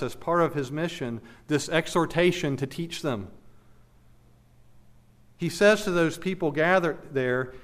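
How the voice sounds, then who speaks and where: A man preaching an expository sermon as pastor, earnest and emphatic, repeating key phrases, then leading a prayer. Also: on the high side.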